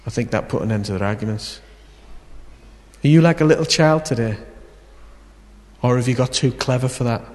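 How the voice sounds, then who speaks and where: A man preaching a sermon, telling a story and swinging between loud emphasis and quiet, intimate moments. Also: medium pitch, normal speed, long pauses. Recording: long hall reverb.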